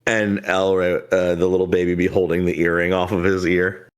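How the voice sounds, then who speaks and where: A man's voice: sits low, flat delivery, normal speed, clear, resonant tone. A man narrating as game master of a tabletop game, loose and rambling, with lots of "like" fillers.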